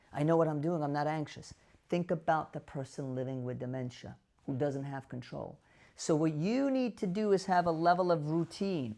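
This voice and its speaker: A man who is a doctor giving direct-to-camera advice to dementia caregivers, animated, asking rhetorical questions and acting out the voices he quotes. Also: fairly high pitch.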